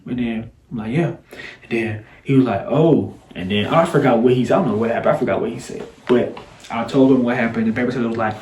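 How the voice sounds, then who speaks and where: A man's voice: medium pitch, fast, echoey room. Young man telling a story, slangy. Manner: animated, loose slangy retelling with sound effects. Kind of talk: casual storytelling vlog.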